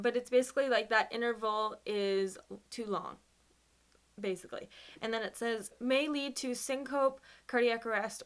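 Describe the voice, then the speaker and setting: Young woman, bright, slightly high voice; emotional storytime, halting and teary. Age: young adult. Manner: emotional, halting, many fillers and nervous laughs. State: close to tears. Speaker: vlogger. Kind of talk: personal storytime.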